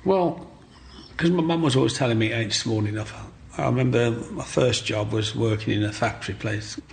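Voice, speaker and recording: A middle-aged man telling his life story in an interview, animated, acting out the voices of people in his story. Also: medium pitch, a little fast, creaky, a little hiss or hum. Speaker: guest.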